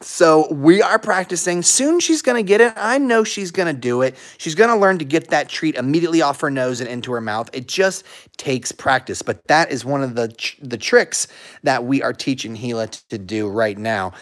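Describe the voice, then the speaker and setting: Energetic man with a slightly high voice. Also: normal speed. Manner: energetic, upbeat, praises his dog in a high-pitched voice. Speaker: dog-training channel host. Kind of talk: casual livestream chat.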